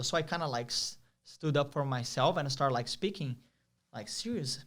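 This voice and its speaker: A young man from Brazil, telling a story as an interview guest in a lively, vivid way with many fillers. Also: medium pitch, moderate pace. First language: Portuguese. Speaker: guest, pro soccer player.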